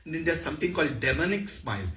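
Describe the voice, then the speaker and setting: A man with an Indian accent giving an animated university lecture on dance. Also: medium pitch. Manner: explanatory, animated. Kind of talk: lecture with demonstrations. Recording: echoey hall.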